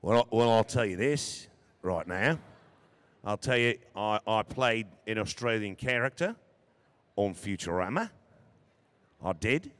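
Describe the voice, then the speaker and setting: A man's voice: lowish voice, lively intonation, measured pace, long pauses, a bit bright. A man chatting casually as a voice actor on a convention panel, laid-back and hesitant. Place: large convention hall.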